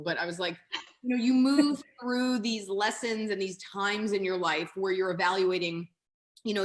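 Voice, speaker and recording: Woman, thirties, comedian guest, video call, animated, self-mocking, quick asides. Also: on the low side. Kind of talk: casual interview chat.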